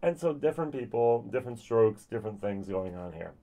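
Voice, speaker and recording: A man's voice: mid-range voice, expressive, brisk, mellow. A man giving a casual spoken whisky tasting review, chatty and thinking aloud with frequent ums and restarts. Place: lives in Germany.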